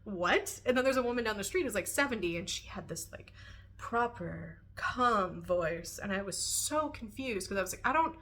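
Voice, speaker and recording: A young adult woman talking casually to camera in a book review vlog, chatty and animated, laughing often and filling pauses with "um" and "like". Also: a little high.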